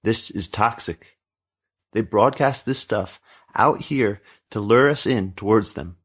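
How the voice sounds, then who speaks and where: A strict mother lecturing her daughter in a low, husky storybook voice, as a male reader puts her on. She sounds controlling and grave, only lightly set apart from the reader's own tone. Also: slow. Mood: stern. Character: stern fearful mother of a teenage girl. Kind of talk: storybook reading.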